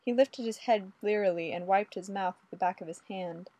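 Brief: female audiobook narrator, steady and measured, mid pitch, dry close mic. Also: dry recording. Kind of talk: audiobook reading of adult fiction.

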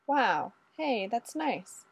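A woman voicing a jittery young male undercover cop who talks in a halting, nervous way. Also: on the high side, very animated, creaky, husky, no room sound, voice pushed up, exaggerated voice. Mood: flustered.

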